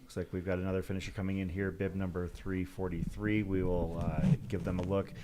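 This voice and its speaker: A man's voice: low voice, flat delivery, brisk, heavy background noise. A man hosting a live event stream, interviewing guests and announcing finishers in an easygoing way with frequent "uh" fillers. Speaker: livestream host and finish-line announcer.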